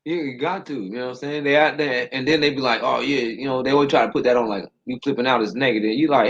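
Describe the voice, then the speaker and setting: A man's voice: fairly even intonation, quick pace, hardly any pauses, fairly bright tone. Man, casual guest, lo-fi dull sound, stammers and gets heated. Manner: heated, stammering, swings high when worked up. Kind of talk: casual conversation.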